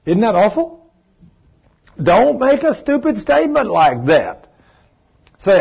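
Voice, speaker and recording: A man preaching a folksy, emphatic sermon, his voice a touch high and husky. The sound is dull and lo-fi, like an old recording. He drops plain conversational asides between his points. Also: wildly swooping pitch, slow, long pauses.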